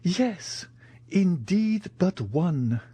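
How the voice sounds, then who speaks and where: A timid, eager old Italian ex-major, as an audiobook narrator puts him on, his voice pitched high and quavering, leaping up and down. The storybook reading is dry and close. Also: huge pitch swings, measured pace, no room sound, full character voice.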